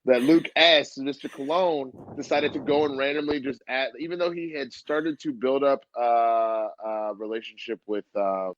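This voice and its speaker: A man's voice: medium pitch, normal speed, few pauses, a little hiss or hum. A man in his early thirties, a comedian guesting on a casual podcast, telling stories with lots of energy, swearing and laughter. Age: 30s. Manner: animated storytelling, swearing, frequent laughter. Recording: dull, muffled remote audio.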